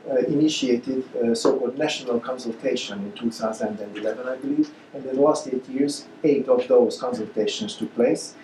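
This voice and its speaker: A man answering audience questions at a lecture, halting with many fillers and restarts. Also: mid-range voice, warm tone, slight background noise. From Hungary. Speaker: guest speaker. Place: lecture hall. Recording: echoey lecture room.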